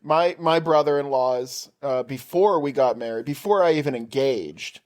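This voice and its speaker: A man's voice: medium pitch, moderate pace. A man co-hosting a podcast, trading dry jokes in casual chat and swearing freely. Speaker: podcast co-host.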